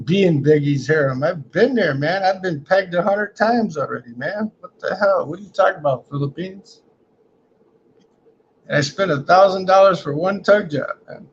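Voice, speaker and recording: A man's voice: high voice, slight background noise. Rambling livestreamer man with lo-fi sound. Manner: rambling, joking, often ends lines with "man". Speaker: livestream host. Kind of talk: casual livestream chat reading comments. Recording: dull lo-fi stream audio.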